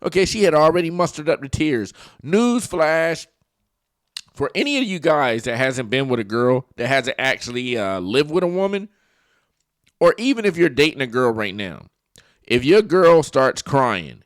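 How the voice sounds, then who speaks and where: A man hosting a reaction commentary, talking in a mocking, profane and animated way. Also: on the high side, no room sound, studio quality. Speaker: commentary host.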